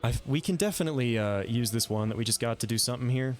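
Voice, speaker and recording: A man giving live gameplay commentary, thinking aloud in a relaxed way with some mild swearing. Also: medium pitch, fast talker, faint music behind. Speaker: game streamer.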